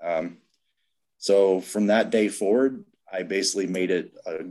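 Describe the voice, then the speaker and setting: Deep-voiced man telling a Navy story. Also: a little slow. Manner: acts out quoted dialogue in animated voices; rambling with many fillers. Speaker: Navy veteran guest. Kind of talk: casual storytelling.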